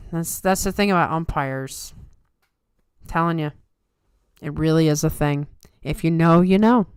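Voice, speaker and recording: Tired lady wrapping up her live stream, chatty, smooth voice, dry close mic. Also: low voice, measured pace, pauses often, no echo. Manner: chatty, rambling, answers chat comments. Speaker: livestream host. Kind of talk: casual livestream chat.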